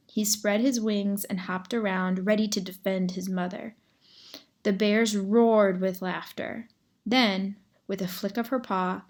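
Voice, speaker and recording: A woman reads a children's novel aloud in a clear, steady storytelling voice. Her pitch sits in the middle, and she keeps an even narrator's pace.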